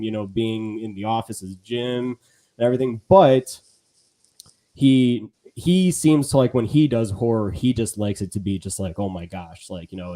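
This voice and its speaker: A man's voice: on the low side, mellow. A man co-hosting a live podcast in casual chat, rambling with lots of fillers and restarts. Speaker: podcast co-host.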